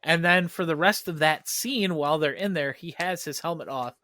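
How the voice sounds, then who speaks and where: A man's voice: fairly high pitch, moderate pace, bright, forceful tone. A man co-hosting a podcast, recapping a plot casually in long run-on stretches. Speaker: podcast co-host. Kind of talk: casual chat.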